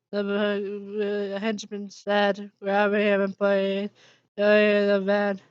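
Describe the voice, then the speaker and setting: A casual storyteller reading a fan-written story aloud in a halting way with small slips, in a dull lo-fi recording. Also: mid-range voice, completely flat delivery, clean tone, dry recording. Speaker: fan-fiction reader.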